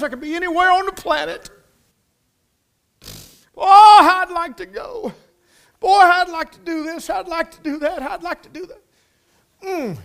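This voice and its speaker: A middle-aged man preaching with a fairly high voice. He talks in a folksy, heartfelt way, repeating words for emphasis and swinging between quiet and fervent loud passages. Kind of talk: sermon.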